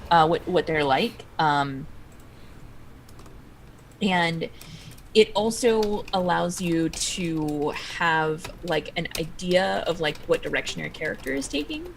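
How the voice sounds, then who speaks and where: A woman player patiently walking the others through a game rule, steady and casual. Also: fairly low pitch, takes it slowly, creaky, slight background noise. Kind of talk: explaining game rules casually.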